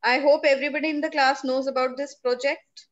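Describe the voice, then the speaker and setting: A woman with an Indian English accent and a high, light voice teaches a lesson to young pupils. She is middle-aged and patient, asking questions and coaxing answers from the class. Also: fairly even intonation, fairly quick, lo-fi sound.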